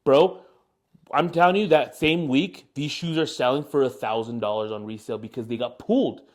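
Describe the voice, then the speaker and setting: This twenty-something co-host has a medium-pitched voice and a moderate pace. Chatting casually on the podcast, he tells a long, meandering story loaded with fillers.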